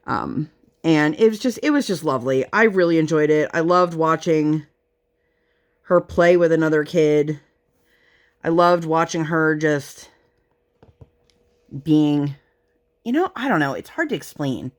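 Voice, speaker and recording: Woman, thirties, low-pitched, chatty crafting-vlog storyteller. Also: animated, measured pace, long pauses. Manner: chatty storytelling with fillers and laughs. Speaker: crafting vlogger. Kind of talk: casual chat while crafting.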